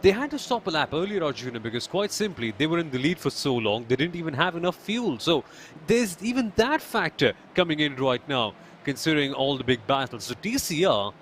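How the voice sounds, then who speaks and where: A man co-commentating on a live sim race, excitable and thinking aloud as he analyses the incidents. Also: a little high, fairly quick, slight background noise. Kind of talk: live esports racing commentary.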